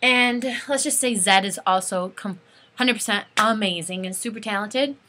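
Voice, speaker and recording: A teenage girl telling an excited fan story in a casual vlog, gushing and saying "like" constantly. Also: medium pitch, normal speed, background noise. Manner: gushing, breathless, says like constantly. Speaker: fan vlogger.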